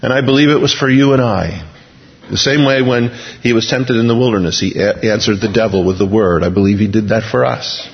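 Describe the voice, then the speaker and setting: A man preaching a sermon, retelling scripture in a lively, jokey way and acting out the dialogue in little voices. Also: fairly low pitch, fairly quick, creaky. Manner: animated, jokey, voices the characters in scenes. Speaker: pastor. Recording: dull sound with long hall reverb.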